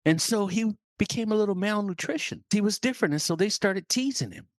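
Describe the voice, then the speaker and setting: A man's voice: high voice, animated, fairly quick, no echo, clean studio sound. A man, a leadership coach, telling a dramatic story on a podcast.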